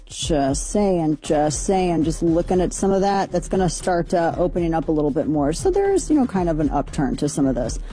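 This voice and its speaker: A woman radio host talks through the day's news in a loose, rambling way, stopping to think and wandering into asides. Her voice is warm and mellow, set a little low for a woman, with soft music faintly underneath. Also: sing-song, normal speed, hardly any pauses. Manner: chatty, rambling, with frequent fillers and asides. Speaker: radio talk show host. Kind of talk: casual news chat.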